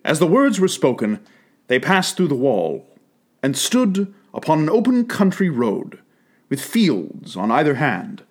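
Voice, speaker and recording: Male storybook reader, slightly high, very animated, unhurried. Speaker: narrator. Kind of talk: storybook reading.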